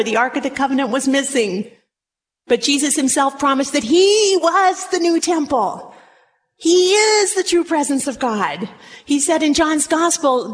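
A woman preaching a sermon, dramatic and animated, acting out scripture voices. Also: high voice. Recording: long hall reverb, faint noise.

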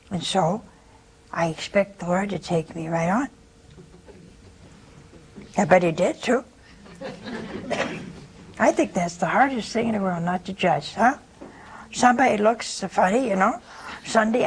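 An older woman, a nun hosting a religious call-in show, telling stories with lively acted-out dialogue. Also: mid-range voice, slight background noise, low-quality recording.

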